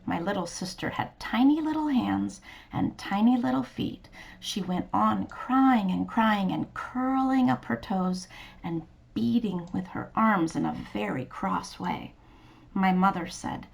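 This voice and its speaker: A woman reading a children's storybook aloud in a soft, gentle, sometimes whispery manner. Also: mid-range voice, a little slow, creaky.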